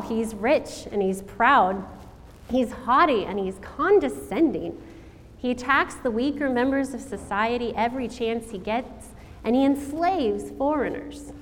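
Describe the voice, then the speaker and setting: A woman preacher giving a sermon, telling the story in a slow, dramatic way with rhetorical questions. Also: on the high side, slight background noise. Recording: long hall reverb, faint ambience.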